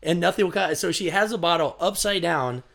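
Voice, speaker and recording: A man with a bright, forward voice tells a story in relaxed podcast chat. He leans on fillers like "you know" and "like", and he breaks into laughter as he builds to the punchline. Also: a little high, fairly quick, vocal fry.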